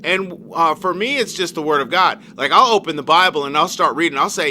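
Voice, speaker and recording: Animated, high-voiced male streamer. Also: fairly quick, few pauses, slight background noise. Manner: rambling, animated, swears freely. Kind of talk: casual livestream chat while gaming. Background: video game music.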